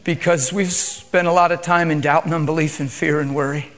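A male preacher, subdued, calm and quiet, moving between prayer and a reverent sermon. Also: fairly high pitch, a little fast.

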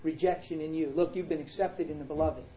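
A man preaching a sermon in an emphatic, animated way, calling out to the congregation. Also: a little high, fairly quick, reverberant, highs cut off, a little hiss or hum.

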